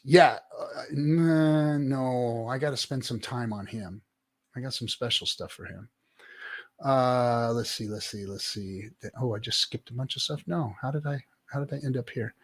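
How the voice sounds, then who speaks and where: A middle-aged man hosting a livestream, giving profane, preachy motivational rants to his chat with sudden loud swings. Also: on the high side, dry recording, clean studio sound. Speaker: livestream host. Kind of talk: casual livestream chat reading viewer comments.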